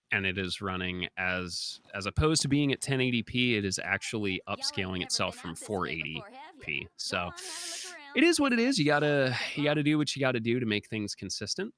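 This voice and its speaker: A man's voice: lowish voice, bright, forceful tone. A young man giving chatty, explanatory live commentary during a speedrun, with many filler ums.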